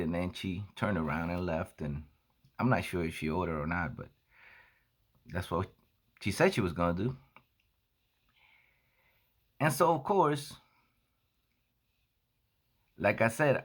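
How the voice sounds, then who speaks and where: A man's voice: fairly low pitch, expressive. A man who sells coffee, telling a story in a casual monologue and acting out the dialogue as he retells it. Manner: unhurried, acts out dialogue in his retelling. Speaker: coffee seller and vlogger.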